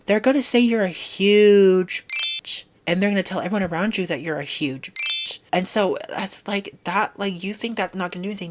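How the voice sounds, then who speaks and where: A woman vlogger ranting in a casual monologue, animated and exasperated, swearing freely. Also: medium pitch.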